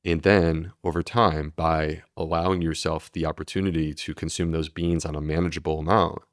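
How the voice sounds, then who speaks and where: A man's voice: a bass voice, flat delivery, moderate pace, no room sound, clean studio sound. A man, a medical doctor, explaining steadily and earnestly in a podcast interview. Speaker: gastroenterologist guest.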